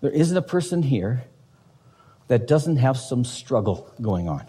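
A man's voice: mid-range voice, sing-song, a little slow, warm tone, husky, in a large hall. A man preaching a sermon as pastor, emphatic, with rhetorical questions to the congregation.

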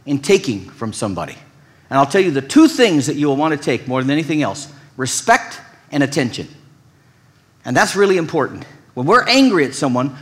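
Lively preaching man, conversational. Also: on the high side. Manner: conversational preaching with repeated restarts and emphatic asides. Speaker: pastor. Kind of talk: sermon.

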